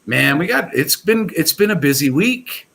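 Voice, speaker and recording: A man's voice: on the high side, big pitch swings, normal speed, vocal fry, fairly bright tone, husky, poor audio. A man talking as a guest on a casual podcast, rambling and enthusiastic with many restarts. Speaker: guest, pool products company owner.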